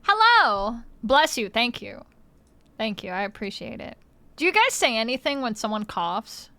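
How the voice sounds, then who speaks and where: Lively playful woman streamer. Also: fairly high pitch, moderate pace, no echo. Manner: playful, swears freely, laughs often. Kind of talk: casual livestream chat.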